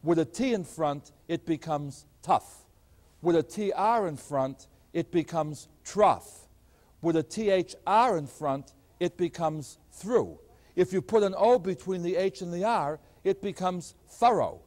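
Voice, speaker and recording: Older man, math professor, lively lecture, slightly high voice. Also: unhurried. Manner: animated, storytelling teacher. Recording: older recording.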